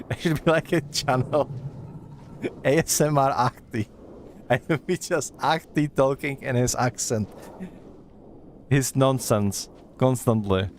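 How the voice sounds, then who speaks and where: A man's voice: medium pitch, a little hiss or hum. A man streaming a horror game, chatty and sarcastic, talking back at the game as he plays. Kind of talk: gameplay commentary.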